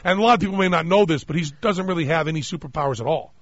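A man's voice: fairly high pitch, very fast, no room sound. A man hosting a radio show, telling a long funny anecdote in casual chat and acting out the lines of the people in it. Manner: animated anecdote-teller, mimics voices in retold dialogue. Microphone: studio microphone. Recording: dry, slightly dull radio studio sound.

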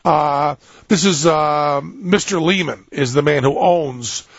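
A man's voice: fairly high pitch, takes it slowly, slightly rough, no echo, lo-fi sound. A man hosting a radio talk show, joking and rambling with frequent restarts.

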